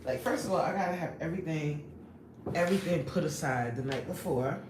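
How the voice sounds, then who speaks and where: Speaking a little fast in a low-pitched voice, a live-stream host reads her chat, chatting animatedly, laughing frequently and calling viewers by name. Her casual stream has roomy sound and background noise.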